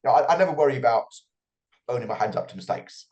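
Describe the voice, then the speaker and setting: A man's voice: medium pitch, animated, quick pace, a little mellow, lo-fi sound. A middle-aged man answering as an author guest in an interview, reflective and often repeating his words as he starts a thought.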